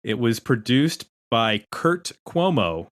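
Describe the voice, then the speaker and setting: Male podcast co-host, mid-pitched, relaxed conversational read. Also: slow pace. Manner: reads comments aloud at a steady clip. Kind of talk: casual chat, reading listener comments.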